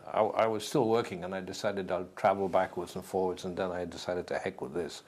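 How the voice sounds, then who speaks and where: A man giving dry, deadpan remarks in a casual interview. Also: deep voice, a little fast.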